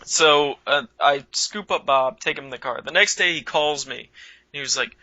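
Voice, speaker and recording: A man's voice: fairly high pitch, normal speed, no echo, dull audio. A man co-hosting a comedy talk show, telling stories casually and acting out the people in them. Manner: animated storyteller who acts out the people in his stories.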